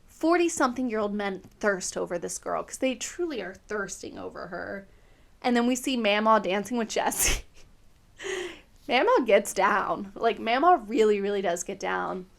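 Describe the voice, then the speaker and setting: Gravelly chatty woman podcast host. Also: on the high side. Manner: chatty, filler-heavy, opinionated. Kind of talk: casual TV recap chat.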